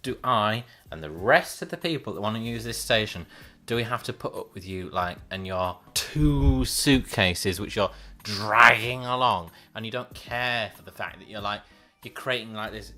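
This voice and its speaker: A man's voice: medium pitch, pushed and bright. A man in his late twenties from the North of England with a Northern English accent, ranting sarcastically to camera in a vlog and swearing freely. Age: late 20s. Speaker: vlogger.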